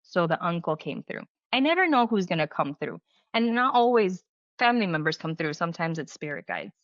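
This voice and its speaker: A middle-aged woman with a fairly low voice tells stories chattily, leaning on "like" and acting out the quoted lines. The sound is dull and lo-fi, with a dry, close feel and no room echo. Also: big pitch swings, a little fast. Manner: chatty, filler-heavy, acts out quoted dialogue. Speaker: medium and healer, podcast guest. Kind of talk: casual storytelling interview.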